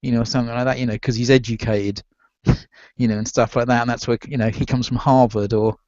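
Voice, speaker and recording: Man, mid pitch, halting and filler-heavy, muffled lo-fi call sound. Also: flat delivery, noisy background. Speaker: hangout participant. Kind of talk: casual online discussion.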